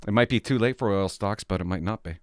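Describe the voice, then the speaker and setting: A man's voice: on the low side, quick pace, no echo, studio quality. A middle-aged man vlogging, telling rambling stories in casual chat with many restarts.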